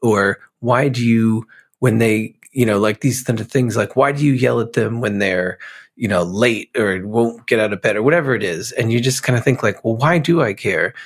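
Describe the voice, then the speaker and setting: A middle-aged man from Pennsylvania, a guest musician in a casual interview, talking in a relaxed, rambling way full of fillers. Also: on the low side, moderate pace. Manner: relaxed, rambling, lots of "like" and "you know".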